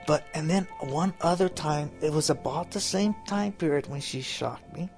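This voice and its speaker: An older man telling an emotional story about caring for his mother, animated and acting out the voices he quotes. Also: on the high side, normal speed, hardly any pauses, faint music behind. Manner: animated, imitates voices when quoting.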